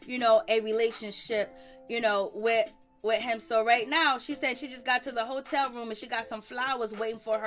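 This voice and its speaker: A woman with a notably high voice hosts a casual gossip live stream, sassy and sarcastic as she calls out viewers by name. Faint music plays quietly behind her.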